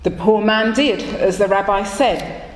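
Brief: female storyteller, unhurried and expressive, long reverb of a large hall. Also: mid-range voice, slight background noise. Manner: slow, expressive. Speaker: storyteller in a worship service. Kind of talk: told story.

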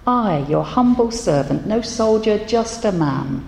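A woman's voice: mid-range voice, expressive, a little slow, gravelly, a little mellow, slight background noise. A woman voicing a lovelorn young prince. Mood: humble. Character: lovelorn young prince, proud then humble. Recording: echoey hall with room ambience.

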